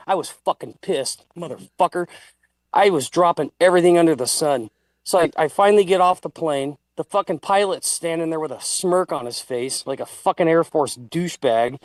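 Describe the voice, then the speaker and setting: Guy cussing up a storm telling his story, kinda high voice, dry mic. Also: normal speed, no room sound. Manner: profane, heated storytelling. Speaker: guest. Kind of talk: casual livestream chat.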